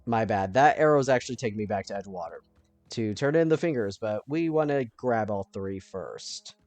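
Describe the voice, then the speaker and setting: A man giving casual let's-play commentary, thinking aloud and now and then breaking into panicked yelling. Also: fairly low pitch, lively intonation, normal speed, no room sound.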